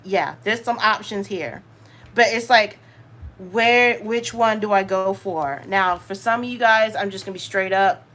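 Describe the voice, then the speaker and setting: A woman with a Southern US accent, hosting a live tarot reading. She talks in an animated, slangy way, straight to her viewers. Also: mid-range voice, a little slow. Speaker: tarot reader, channel host.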